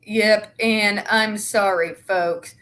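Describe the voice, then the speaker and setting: A woman's voice: mid-range voice, fairly even intonation, extremely slow, a bit bright. A young woman in casual, opinionated chat, blunt and sarcastic with a lot of swearing. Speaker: show co-host.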